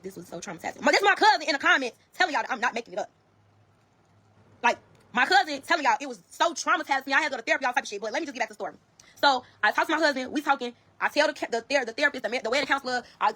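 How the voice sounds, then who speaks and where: A woman from Chicago, judging by her accent, speaks high-pitched and rapid-fire as she tells viewers a story. She's blunt and swears freely, bringing the quoted dialogue to life as she goes.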